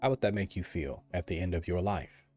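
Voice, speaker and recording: A man's voice: deep voice, lively intonation, brisk, a little mellow, faint music behind. A man from the United States giving an emphatic, repetitive opinion monologue, mimicking others in a raised voice. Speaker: commentator.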